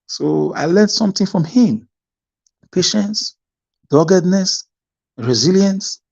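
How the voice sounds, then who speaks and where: A man's voice: high-pitched, animated, slow pace, gravelly, a little mellow, dull audio. A Nigerian man speaking fervently in an online discussion, preaching and repeating phrases for emphasis. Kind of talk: impassioned discussion.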